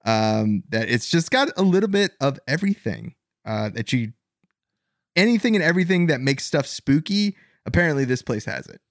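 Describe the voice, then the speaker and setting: A man's voice: medium pitch, sing-song, moderate pace, no echo, studio quality. A man hosting a paranormal podcast in casual chat, rambling with fillers and self-corrections. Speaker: podcast host.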